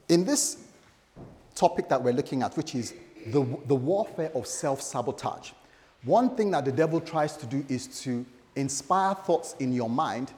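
A man's voice: mid-range voice, a little mellow. A male pastor delivering a sermon, telling stories animatedly and acting out the voices he quotes. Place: church hall. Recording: long hall reverb.

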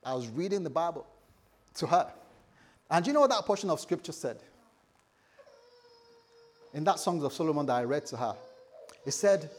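A man's voice: a little high, big pitch swings, normal speed, pauses often, a little mellow. A man preaching a sermon, joking with a laughing congregation and leading them in prayer. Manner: playful, jokes with the congregation. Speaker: pastor.

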